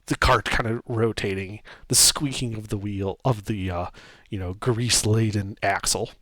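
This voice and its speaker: A man narrating a tabletop game as game master, describing scenes in a lively, casual way with fillers. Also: on the low side, normal speed, no room sound.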